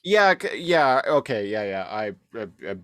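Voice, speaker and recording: A man's voice: mid-range voice, very animated, normal speed, a bit bright, smooth, dry recording, studio quality. A man co-hosting a casual podcast, talking loosely with stammered restarts and laughing along. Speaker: podcast co-host.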